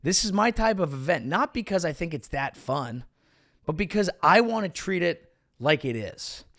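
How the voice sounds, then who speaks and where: A male comedian hosting his show, riffing sarcastically in a rambling, animated way with sudden pitch jumps. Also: moderate pace, no echo, studio quality. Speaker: comedian podcast host. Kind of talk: casual comedic commentary.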